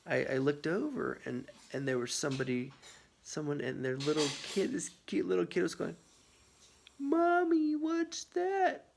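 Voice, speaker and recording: Gravelly, animated man telling a story. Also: on the high side, normal speed, a little hiss or hum. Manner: animated, full of filler words. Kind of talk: casual storytelling.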